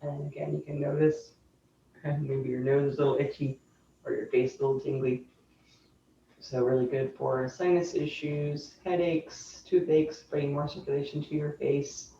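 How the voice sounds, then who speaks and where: A woman yoga instructor calmly guiding a chair yoga class, cueing breath and movement step by step. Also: low-pitched, normal speed, vocal fry, a little hiss or hum. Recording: roomy, distant, dull sound.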